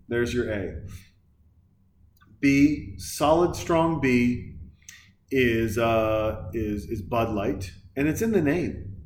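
A man rambling through a comedic movie recap, profane and excitable, jumping from point to point. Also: mid-range voice, roomy sound, slight background noise. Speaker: movie reviewer.

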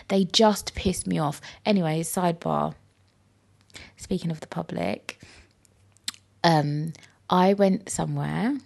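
A young woman telling stories casually on a podcast, animated and full of "like" and swearing. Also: normal speed, vocal fry, long pauses. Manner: chatty, animated, frequent "like" and swearing; acts out quoted people in high squeaky voices. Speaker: podcast host. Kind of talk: casual storytelling chat.

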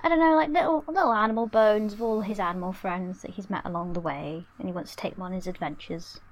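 Cheeky woman at a d&d table, playful, mid-pitched. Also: fast talker, muffled recording, slight background noise. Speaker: player. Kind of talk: casual chat at a tabletop game.

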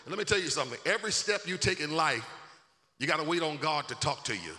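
A male pastor preaching a sermon with call-and-response, swelling into shouts. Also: on the high side, animated, quick pace. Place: church sanctuary. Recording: echoey hall.

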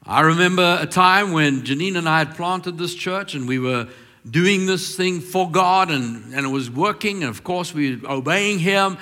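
Here a man preaches as a pastor, alternating between emphatic, drawn-out declarations and quieter, confiding stretches of storytelling. His pitch is fairly high, and a long reverb tail follows his words.

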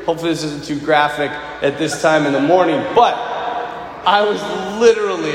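A man telling an animated personal anecdote, retelling it dramatically with shouted bursts. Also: on the high side, moderate pace, a little hiss or hum. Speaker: storyteller. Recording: roomy hall with long reverb.

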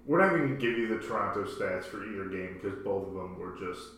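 Far from the mic in an echoey room with a faint hum, a man co-hosts a podcast and chats casually about his soccer team. His fairly low, fairly bright voice is expressive and fast, and he rambles, corrects himself, and laughs often.

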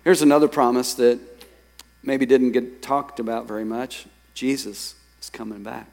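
A man preaching in a church, his voice sitting at an ordinary middle pitch. He reads verses and tells stories to the congregation in a lively, conversational way. His words carry a long reverb from the large hall around him. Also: moderate pace, gravelly. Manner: lively, quoting scripture and telling stories to the congregation. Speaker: pastor. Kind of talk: sermon. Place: church sanctuary.

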